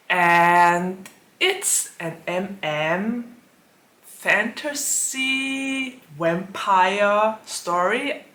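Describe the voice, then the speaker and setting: A woman's voice: on the low side, fairly bright tone. Woman with a sore throat, echoey room. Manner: chatty, laughs often between thoughts. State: sore throat, voice lower than usual. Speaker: booktube host. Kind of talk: casual to-camera book chat.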